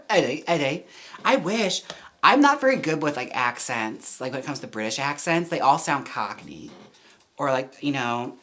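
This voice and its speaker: A man streaming live as a drag performer and wig stylist, trying on wigs and chatting in a campy way with quick laughing asides. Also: medium pitch, big pitch swings, fairly bright tone. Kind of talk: casual live-stream chat.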